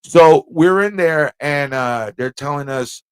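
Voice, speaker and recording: A man with a New York accent, a livestream host telling a story in a casual, animated way, acting out voices and laughing often. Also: a little high, takes it slowly, clear, resonant tone, no echo. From Corona, Queens, New York.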